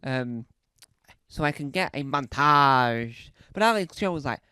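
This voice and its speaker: A man's voice: mid-range voice, expressive, a little slow, bright, forceful tone, clear, resonant tone, dry recording, clean studio sound. A male comedian telling a rambling comedy monologue, full of restarts, asides and "right?" check-ins. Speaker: stand-up comedian.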